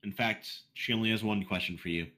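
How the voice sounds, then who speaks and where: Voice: sits low, fairly even intonation, fast talker, bright, forceful tone. A podcast co-host chatting casually, sarcastic and swearing often. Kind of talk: casual chat.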